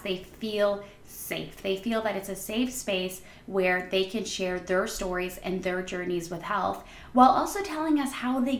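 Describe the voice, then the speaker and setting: A woman hosting a podcast, introducing the first episode in a bubbly, excited, emphatic monologue with a high, squeaky voice. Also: reverberant. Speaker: podcast host.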